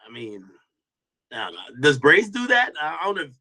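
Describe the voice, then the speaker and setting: A man's voice: a little high, huge pitch swings, moderate pace, pushed and bright, poor audio. A man hosting a casual commentary stream, talking loosely to his chat with lots of restarts and slang. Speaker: host reacting to a stream clip.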